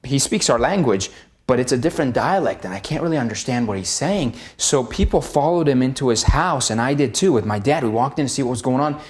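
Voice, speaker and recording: A chiropractor telling a personal story, earnest and vivid, in the present tense, with frequent pauses and fillers. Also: male voice, mid-range voice, animated.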